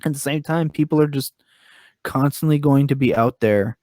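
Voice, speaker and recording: Male wrestler, podcast guest, blunt ranting talk, mid pitch, dry mic. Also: normal speed, a little mellow, no echo. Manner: candid, swears freely, rants with rising pitch. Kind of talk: casual podcast interview. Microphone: remote call mic.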